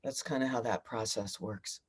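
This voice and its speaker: A woman's voice: very deep voice, moderate pace, breathy edge. A middle-aged woman, a singer-songwriter, talking reflectively in a casual interview.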